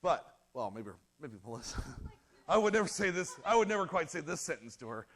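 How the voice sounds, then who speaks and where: A man's voice: a little high, very animated, brisk, a bit bright. Conversational man preaching a sermon. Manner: conversational, acts out quoted voices, laughs at own jokes. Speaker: pastor.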